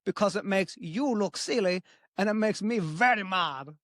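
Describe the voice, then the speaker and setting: A woman voicing a grumpy, greedy male chef who talks deadpan in broken grammar. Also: normal speed, no echo, studio quality, lightly acted. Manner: deadpan, broken grammar, wild pitch swings. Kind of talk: improvised comedy bit.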